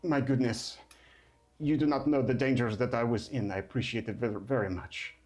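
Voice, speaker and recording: A man voicing a polite, older male cat-person scholar who speaks softly and formally, dropping in French words. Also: mid-range voice, fairly even intonation, fairly quick, lightly acted. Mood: courteous. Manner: soft formal speech with French phrases.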